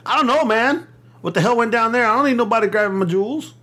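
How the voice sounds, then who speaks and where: A man's voice: extremely high pitch, quick pace, pushed and bright. A man co-hosting a podcast, teasing and joking in casual banter. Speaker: podcast co-host.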